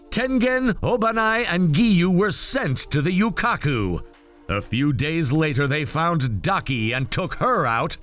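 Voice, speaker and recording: A young man casually narrating a fan story in a plain, unhurried way. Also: on the high side, fairly bright tone.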